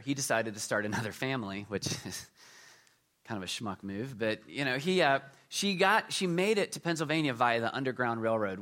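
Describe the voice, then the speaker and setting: A middle-aged man delivering a sermon with a humorous storyteller's touch. He leans hard into his punchlines, then drops to near-quiet asides. His voice sits at an ordinary male pitch. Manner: humorous storytelling, swings between loud emphasis and quiet asides. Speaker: pastor.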